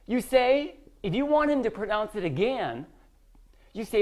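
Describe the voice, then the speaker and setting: A woman's voice: a little high, measured pace. A woman teaching English to a class, acting out little dialogues with lots of emphasis. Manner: animated, emphatic, acts out dialogues. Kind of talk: classroom lesson.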